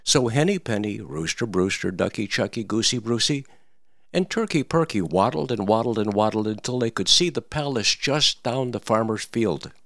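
A man's voice: fairly low pitch, lively intonation, normal speed, fairly bright tone, dry recording, clean studio sound. A man giving satirical political commentary, telling a mocking fairy tale in a theatrical, sing-song way.

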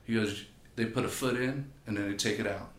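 A man, a podcast guest and personal trainer, telling stories in a casual, animated way and acting out quotes. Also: fairly low pitch, fairly quick. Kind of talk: casual storytelling. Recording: echoey room.

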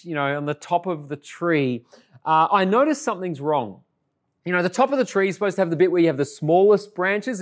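Australian pastor telling a story, higher voice. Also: male voice. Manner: conversational, swings from lively to hushed and tender. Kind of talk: storytelling sermon opening.

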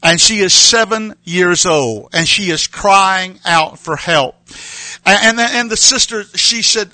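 A man preaching an earnest mission appeal, halting and repeating words with many fillers. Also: high voice, pushed and bright, dry recording, rough recording. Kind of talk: sermon appeal.

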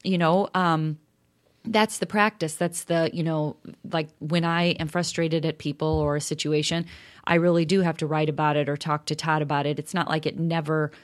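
A woman's voice: sits low, little pitch movement, moderate pace. A middle-aged woman co-hosting a podcast with her husband, talking in a reflective, earnest way with frequent restarts. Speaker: podcast co-host. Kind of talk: casual conversation.

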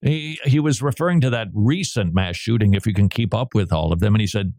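A man's voice: on the low side, fairly quick, hardly any pauses, darkish tone, no room sound, clean studio sound. A man hosting a radio talk show, chatting in a loose, digressive way and laughing between remarks. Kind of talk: casual on-air banter.

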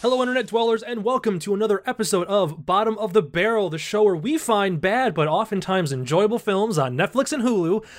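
Male podcast host, high voice, jokey, quick laughs, casual review chat. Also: animated, soft background music. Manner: upbeat, jokey, laughs often. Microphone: remote call with co-host.

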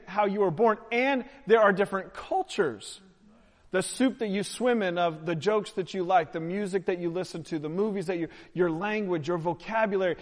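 A pastor with a high-sitting voice preaches to his church in the sanctuary, joking with the congregation and drawing them into the sermon. The room gives his voice a big, spacious sound.

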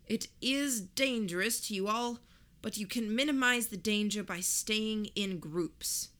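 A woman voicing a short, plump male politician who projects to a crowd in a rushed, reassuring manner. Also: medium pitch, a bit bright, voice pushed up, natural voice. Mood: projecting reassurance. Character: short plump male politician, practiced loud public speaker.

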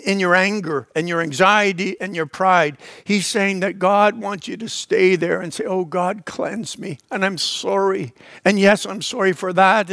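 A man preaching with a high, lifted voice, recorded close and dry with no room sound. He speaks earnestly, restarting phrases and repeating words, and slows down to stress the scripture he reads. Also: fairly bright tone, no room sound. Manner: reads scripture slowly with emphasis. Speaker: pastor. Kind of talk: sermon.

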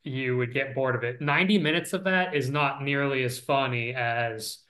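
A man's voice: medium pitch, normal speed, a bit bright. A man on a casual movie podcast, teasing and argumentative as he pushes his opinions. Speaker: podcast co-host. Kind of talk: casual movie-review chat.

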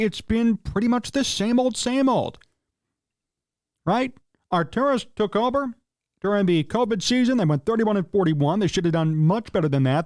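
High-voiced opinionated sports radio man. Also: darkish tone, dry recording, clean studio sound. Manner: opinionated, exasperated rants with rhetorical questions. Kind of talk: solo sports talk commentary.

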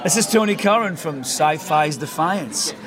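A man's voice: on the high side, lively intonation, unhurried. A man with a Scottish accent, giving a playful recorded greeting as a guest actor. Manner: playful, jokey. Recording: loud crowd noise at a convention.

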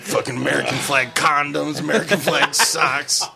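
A man's voice: on the high side, moderate pace, vocal fry, over loud music. A man hosting a casual comedy podcast, telling crude, jokey stories and laughing often. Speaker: podcast host.

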